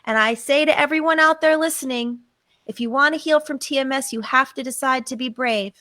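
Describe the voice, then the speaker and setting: Middle-aged woman, bright emphatic storyteller, dry close sound. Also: high voice, fairly quick, no room sound. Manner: emphatic, acts out her own inner voices. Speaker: psychotherapist guest. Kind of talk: personal storytelling on a podcast.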